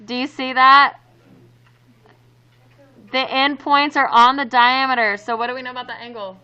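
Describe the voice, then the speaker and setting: A woman's voice: sits high, steady tone, moderate pace, pushed and bright, smooth, dull audio. A woman teaching a math class in a classroom, upbeat and playful as she joins in the students' jokes. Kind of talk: classroom lesson.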